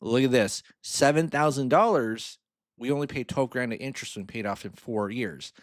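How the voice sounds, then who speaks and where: A man walks through a screen-share finance lesson in a loose, chatty way, slipping in playful asides and chuckles. His voice sits at an ordinary middle pitch. The sound is dry and close, with no room around it. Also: normal speed, dry recording. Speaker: financial mentor.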